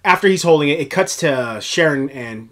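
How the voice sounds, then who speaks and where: A man's voice: a little high, animated, moderate pace, fairly bright tone, a little hiss or hum. A man casually recapping a movie scene by scene, with laughing asides.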